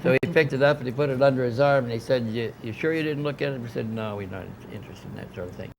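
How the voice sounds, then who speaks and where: A man's voice: mid-range voice, fast, gravelly, a little hiss or hum. Older man telling a rambling story. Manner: rambling, anecdotal, frequent restarts. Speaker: interview guest. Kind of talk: casual storytelling. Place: club dining room.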